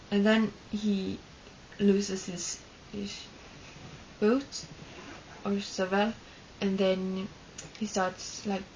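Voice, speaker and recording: Slow, gravelly young woman rambling. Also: mid-range voice. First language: Swedish. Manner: rambling, filled with "like" and restarts. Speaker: scout leader. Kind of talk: casual storytelling. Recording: dull lo-fi recording with faint hiss.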